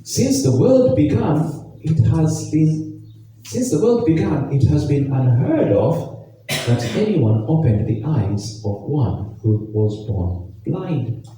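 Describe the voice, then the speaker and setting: A man preaching a sermon as pastor, reading scripture expressively with emphatic pauses, recorded from a distance in a church hall. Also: on the high side, sing-song, mellow. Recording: echoey church hall, distant mic, faint noise.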